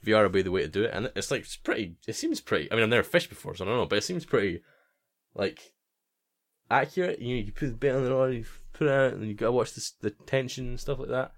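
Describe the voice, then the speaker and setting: A man's voice: mid-range voice, animated, fast. A man hosting a casual podcast chat, laughing often and rambling with restarts. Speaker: podcast host.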